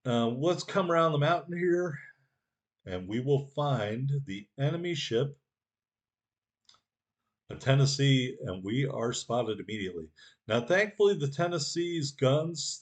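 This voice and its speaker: A man commentating over his own naval video game footage from home, excitable, joking and playing up mock anger at his teammates. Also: medium pitch. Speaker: gameplay commentator.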